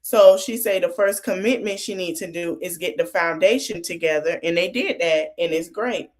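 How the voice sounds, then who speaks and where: A woman's voice: fairly low pitch, moderate pace. A woman hosts a casual podcast recap, talking loosely and informally. She laughs often as she retells scenes. She slips in quoted lines from the cast as she goes. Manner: informal colloquial speech. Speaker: podcast host.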